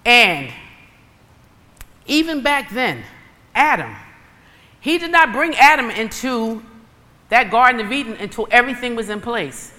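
A woman preacher giving a sermon in an animated storytelling way, acting out dialogue. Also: a little high, unhurried, long pauses. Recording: long reverb of a hall.

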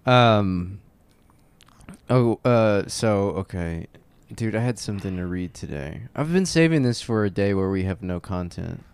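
A man's voice: on the low side, expressive, measured pace, clean tone. Man, podcast co-host, casual comedy chat, rambling, laughs a lot. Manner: rambling, laughing through jokes.

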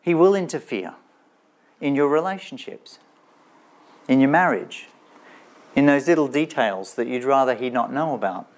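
Preaching in a church with slides on display, this man talks in a conversational way and poses rhetorical questions. His medium-pitched voice has lively intonation at a moderate pace, and he pauses often.

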